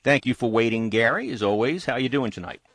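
A male radio host with a lively, rising and falling pitch, speaking in a measured, plain way between calls. His voice is close and very dry. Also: dry recording. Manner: measured, plain-spoken commentary. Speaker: radio talk show host. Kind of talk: talk radio hosting.

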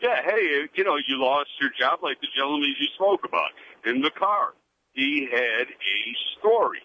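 A man from Chicago calling into a radio show, talking in a warm, rambling way with many hesitations over a phone line. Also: medium pitch, animated, moderate pace, dry recording. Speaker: caller. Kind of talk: phone-in call.

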